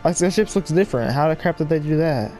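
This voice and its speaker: A young man chats excitedly over his gameplay at home, rambling and reacting to everything on screen. His voice sits a little high for a man. Faint game music plays under his commentary. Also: fast talker. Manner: excitable, rambling, talks to viewers while playing. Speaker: gaming YouTuber. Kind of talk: casual let's-play commentary. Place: home room, people audible outside.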